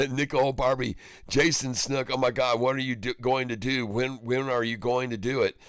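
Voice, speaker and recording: A man's voice: mid-range voice, fairly even intonation, moderate pace, dry recording. Jovial male livestream host, dry close sound, easy banter reading viewer comments. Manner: jovial, laughs often, upbeat banter with viewers. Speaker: stock market livestream host.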